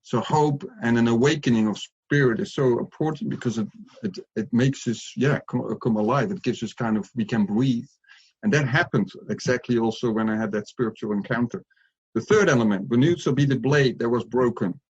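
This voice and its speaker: A middle-aged man, a life coach, telling his story earnestly in an interview, with reflective pauses and restarts. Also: medium pitch, husky. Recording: muffled lo-fi audio.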